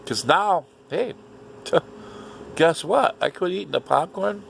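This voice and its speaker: A man telling a story in an animated, indignant rant, swearing often. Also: high-pitched, slow pace, vocal fry, slight background noise. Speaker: vlogger. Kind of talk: casual ranting monologue.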